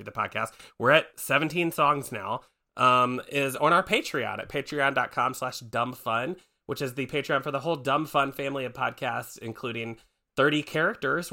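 A man's voice: medium pitch, creaky, sharp tone. A man hosting a podcast in casual chat, rambling and self-deprecating as he talks. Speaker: podcast host.

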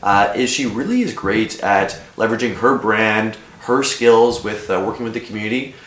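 Male co-host, mid pitch, upbeat, casual chat, echoey recording. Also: normal speed, fairly bright tone. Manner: upbeat, with many fillers. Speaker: podcast co-host. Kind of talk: casual podcast talk. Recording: echoey room.

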